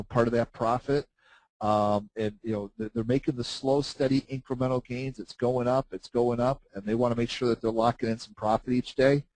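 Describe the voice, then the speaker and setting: A man teaching a live trading course, chatty and animated, full of fillers and "okay?" tags, acting out his own panicked thoughts. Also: medium pitch, no room sound, low-quality recording. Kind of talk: live webinar teaching, answering chat questions.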